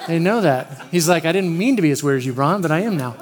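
A man preaches in a light, high voice. He opens with a casual, joking personal story and keeps talking straight to the people in front of him. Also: expressive, quick pace, some chatter behind. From Oklahoma, USA. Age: 50s. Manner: chatty, joking, talks straight to the room. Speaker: pastor. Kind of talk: storytelling sermon.

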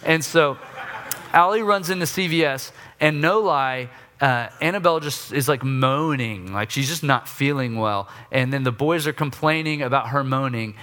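A man preaching, telling a personal story with lively acted-out outbursts and quiet, soft confession. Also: normal speed. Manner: animated storytelling, acts out his own griping in raised voice; drops low and soft for confession. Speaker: pastor.

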